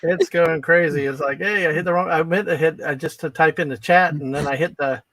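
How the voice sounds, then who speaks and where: A man chatting casually on a live stream, relaxed and easygoing. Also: a little high, a little fast, dry recording.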